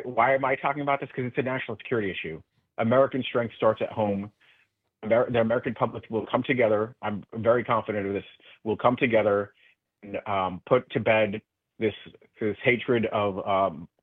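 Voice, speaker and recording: A man guest on a political radio interview, talking earnestly with many halting restarts over a phone line. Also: lowish voice, steady tone, no room sound. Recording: tinny phone line, dry.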